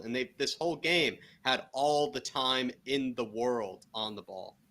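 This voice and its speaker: A man's voice: medium pitch, measured pace, few pauses, fairly bright tone. A man co-hosting a live football watchalong, exasperated, exclaiming and repeating himself about the defending. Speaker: co-host. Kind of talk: live match watchalong commentary.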